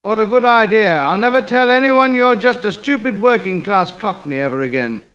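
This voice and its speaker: A man voicing a pompous, self-pitying suburban gent who is quick to get indignant, in an AI-voiced comedy sketch. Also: sits high, expressive, a bit bright, clean tone, lo-fi sound.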